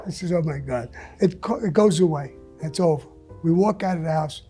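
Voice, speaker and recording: A man being interviewed, telling a story bluntly and profanely in a casual, animated way. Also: on the high side, moderate pace, faint music behind. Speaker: interview guest.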